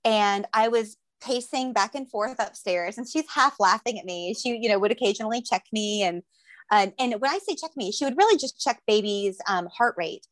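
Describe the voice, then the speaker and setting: Young woman, lively jokey storyteller, slightly high, dry close mic. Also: normal speed, no echo. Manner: lively, jokey, acts out quoted voices. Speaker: guest telling her birth story. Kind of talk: casual storytelling chat.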